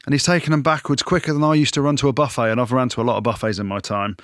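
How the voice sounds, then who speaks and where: A man co-hosting a rugby podcast, talking in lively, jokey banter and handing out punchy verdicts. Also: mid-range voice, very fast, no room sound, studio quality. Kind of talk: casual sports banter.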